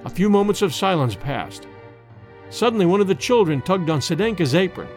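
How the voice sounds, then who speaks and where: A man narrating a story in an expressive, measured way, as an audiobook reading. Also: high-pitched, faint music behind.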